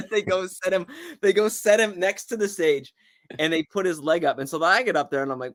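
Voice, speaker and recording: Man spinning an animated comedy anecdote. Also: sits high, moderate pace. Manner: animated, acts out quoted voices in a long anecdote. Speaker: guest comedian. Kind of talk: casual storytelling.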